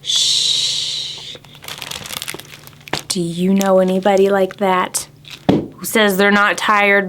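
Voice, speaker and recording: A woman librarian reading a picture book aloud to preschoolers, expressive and animated, sometimes dropping to a whisper. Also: on the low side, slight background noise. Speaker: children's librarian.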